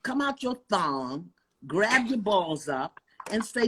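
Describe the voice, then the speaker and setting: An older woman preaches with fiery emphasis over a phone video call. Her husky voice leaps up and down in pitch, punchy outbursts alternating with low, gritty asides. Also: animated, slow, bright, forceful tone. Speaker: guest author and life coach. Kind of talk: impassioned preaching-style talk on a live video call. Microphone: phone on a live video call.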